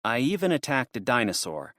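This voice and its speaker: A man's voice: mid-range voice, sing-song, brisk, a bit bright, no echo, studio quality, pitched above the performer's own voice. A man voicing an anxious young man who pleads and pushes to get where he is going. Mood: urgent, pleading. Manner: earnest, urgent.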